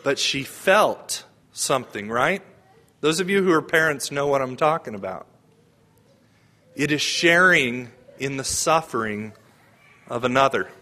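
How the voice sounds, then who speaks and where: A man's voice: medium pitch, expressive, measured pace, long pauses, sharp tone. A man giving a homily in a conversational preaching manner, asking the congregation questions. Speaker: priest.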